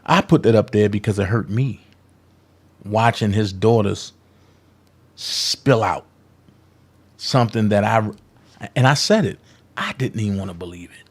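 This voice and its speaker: Male commentary vlogger, gravelly, confrontational and foul-mouthed. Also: fairly low pitch, unhurried, long pauses. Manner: profane, heated, calling people out.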